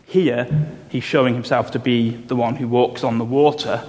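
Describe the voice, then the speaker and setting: A man preaching a sermon, explaining Bible passages in a measured way and slowing down to stress key phrases. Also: mid-range voice, fairly even intonation, a little mellow. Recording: long hall reverb, faint room noise.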